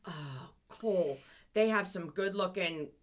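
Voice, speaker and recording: A woman's voice: on the low side, slow pace. A woman with a New England accent, co-hosting a casual chat podcast, chatty and set on finishing her point. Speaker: podcast co-host.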